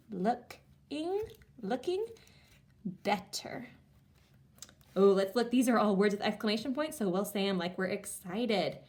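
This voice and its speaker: A woman teacher reads aloud to young children, stretching words out as she sounds them. Her pitch swings widely as she plays up her excitement, and her delivery is unhurried. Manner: animated, exaggerated excitement with gasps and slow sounding-out. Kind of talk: reading lesson for young children.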